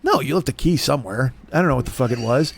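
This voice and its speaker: A man's voice: mid-range voice, lively intonation, fast, creaky. A man hosting a comedy podcast, telling an exasperated, profane story and acting out both sides of the conversations. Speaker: podcast host.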